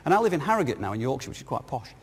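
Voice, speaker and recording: A man from northern England gives a jokey, anecdotal business talk at a conference, posing questions to his audience in a large hall. His mid-range voice is husky and sing-song, delivered rapid-fire. A clip-on lapel mic picks him up, and the hall sounds reverberant.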